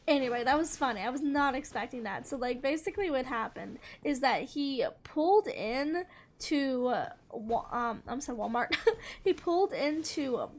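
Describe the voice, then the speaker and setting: A woman's voice: sits high, a little hiss or hum. A woman gaming streamer chatting casually and rambling with frequent giggles as she plays. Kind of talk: casual gameplay chat.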